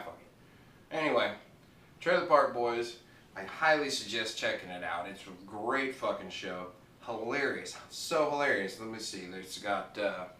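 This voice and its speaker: A man's voice: lowish voice, pushed and bright. A man giving a casual, rambling review, swearing freely and laughing at his own jokes. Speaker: TV show reviewer. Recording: echoey room, distant mic, faint noise.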